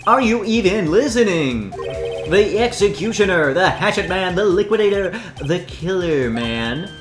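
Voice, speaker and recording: A man's voice: high-pitched, animated. A haughty, scheming rich villain, as a man puts him on for a game playthrough, speaking in a grand, lilting voice that swoops up and down. The voice has a roomy echo, with game music playing behind it. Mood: domineering. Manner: haughty, theatrical, drawn-out. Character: pompous scheming rich male villain, middle-aged. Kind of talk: fan voicing of a game playthrough.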